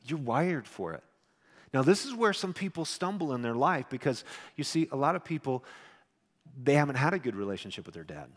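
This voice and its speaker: A middle-aged male pastor giving a sermon with a personal story, animated and loud at times, then hushed and tender. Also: mid-range voice, a little fast, husky. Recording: long hall reverb.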